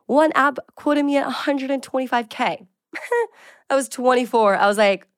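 A woman's voice: medium pitch, fairly quick, gravelly, no room sound, studio quality. A woman in her twenties hosting her own show, chatting casually and upbeat through business tips, with lots of filler words. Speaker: fitness creator and show host.

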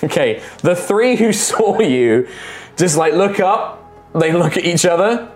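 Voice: medium pitch, animated, a little slow, faint music behind. A game master narrating a tabletop game in a loose, giggly way with lots of fillers.

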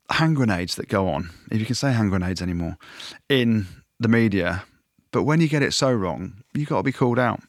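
A man co-hosting a rugby podcast, talking in lively, jokey banter and handing out punchy verdicts. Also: mid-range voice, brisk, no echo, studio quality. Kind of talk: casual sports banter.

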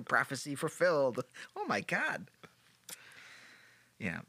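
A man's voice: medium pitch, wildly swooping pitch, slow pace, pushed and bright, breathy edge, no room sound. A man hosting a podcast, telling a history story in a casual, playful way with sarcastic joking asides. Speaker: podcast host.

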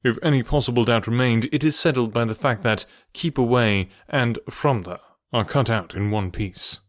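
A man reading aloud and voicing a keen, confident middle-aged detective who speaks in a measured, pointed way. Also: dry recording, clean studio sound, natural voice. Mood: assured. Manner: measured, precise and pointed, voice dropped lower.

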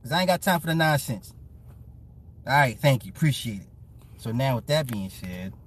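With a mid-range, expressive voice at normal speed, a man streams live over a little hiss or hum. He's ranting casually to his chat, mocking someone through teasing, profane, petty storytelling, and he laughs a lot.

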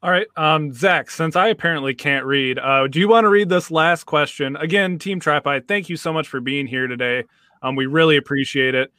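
A man's voice: a little high, fairly quick, pushed and bright, dry recording, studio quality. A man hosting a podcast, friendly and a bit hesitant, reading listener questions. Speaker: podcast host.

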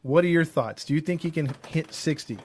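A man's voice: a little high, a little fast, a little hiss or hum. A man co-hosting a casual baseball podcast, enthusiastic and opinionated, who keeps the talk moving with questions and jokes. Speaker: sports podcast co-host.

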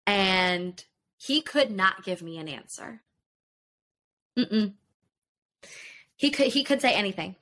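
Young woman, podcast guest, slow, deliberate delivery, bright tone, emotional profane storytelling. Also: medium pitch. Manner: emotional, profane, animated retelling.

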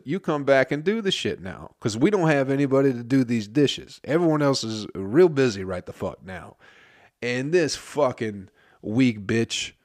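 A man's voice: mid-range voice, dry recording, clean studio sound. A man who works in a restaurant kitchen, telling a story as a heated, profane rant.

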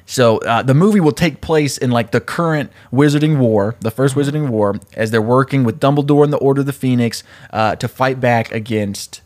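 A man casually pitching and retelling a story scene by scene, laughing often as he talks. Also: brisk, few pauses, darkish tone.

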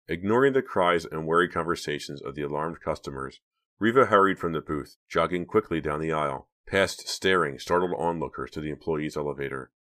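A man reading an audiobook aloud as narrator, steady and measured. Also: very deep voice. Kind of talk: scripted narration.

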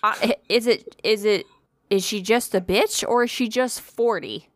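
A woman's voice: medium pitch, normal speed, no room sound, clean studio sound. A woman co-hosting a podcast, telling a story in casual chat, swearing freely, laughing often and poking fun at herself. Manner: profane, laughs often, self-deprecating. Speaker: podcast co-host.

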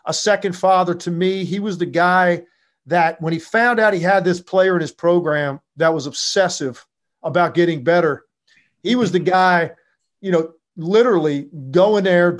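A man from Virginia, a former basketball player, telling stories in a casual interview with lots of fillers. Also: on the high side. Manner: animated, with frequent fillers.

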